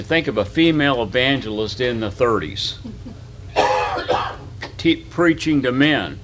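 A man's voice: medium pitch, a bit bright, a little hiss or hum. An older man teaching a Bible class as pastor, folksy and chatty, quizzing his listeners and telling anecdotes. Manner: folksy, asks the audience questions, tells anecdotes.

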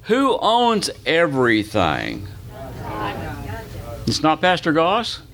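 A man's voice: a little high, huge pitch swings, slow pace, gravelly, fairly bright tone. An older man teaching a Bible class as pastor, folksy and chatty, quizzing his listeners and telling anecdotes. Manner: folksy, asks the audience questions, tells anecdotes.

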